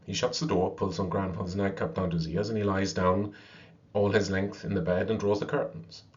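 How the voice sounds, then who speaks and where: Male storyteller reading aloud, expressive, low voice, slightly muffled lo-fi audio. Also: a little fast.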